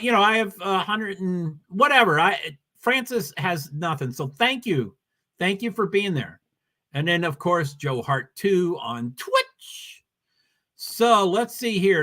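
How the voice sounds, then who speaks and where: A man's voice: sits high, sharp tone. A man with a New England accent hosting a casual livestream, rambling as he reads viewer comments and racing news aloud. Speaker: livestream host.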